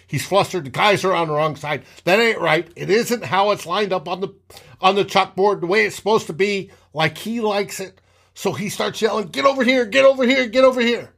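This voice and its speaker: A man hosting a casual sports talk show, telling game stories with animated re-enactments of players' shouts. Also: a little high, breathy edge. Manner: animated, acts out players' shouts mid-story.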